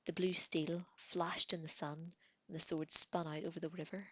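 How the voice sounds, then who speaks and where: Seorang perempuan membacakan novel dengan suara lembut dan pelan. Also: female voice, lowish voice, flat delivery, moderate pace, a bit bright, breathy edge, dry recording. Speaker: reader. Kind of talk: reading a novel aloud.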